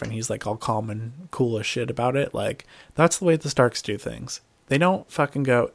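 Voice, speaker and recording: A man's voice: mid-range voice, moderate pace, gravelly, few pauses, no echo. A man recapping a TV episode in casual chat. He swears freely and talks animatedly. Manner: profane, animated, slips into mocking voices.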